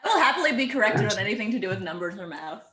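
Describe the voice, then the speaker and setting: A woman with a North American accent, a guest actress chatting casually in an interview over a video call, bubbly and quick to laugh, with lots of "like". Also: mid-range voice, very animated, a crowd in the background. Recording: roomy echoey room.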